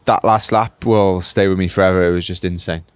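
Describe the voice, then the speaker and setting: A Welsh man in his late thirties, a professional cyclist, speaks in a low, steady, brisk voice with a clean tone and no echo. He rambles casually through a post-race interview, dropping plenty of "like" and "mate."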